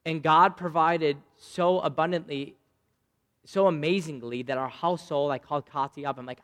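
A man in his thirties preaching a sermon, telling a personal story with loud bursts and quiet asides. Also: on the high side, steady tone, normal speed, big-room sound. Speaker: pastor.

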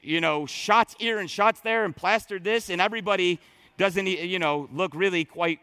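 High, bright-voiced male pastor preaching. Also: moderate pace, clear, resonant tone, no room sound. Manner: conversational preaching with frequent restarts and asides. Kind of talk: sermon.

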